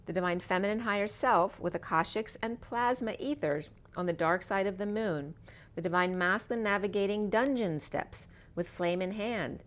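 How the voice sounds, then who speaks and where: A middle-aged woman with a slightly low voice talks through a spiritual tarot reading. She drifts from card to card and picks words apart in free-associating wordplay. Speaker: tarot reader.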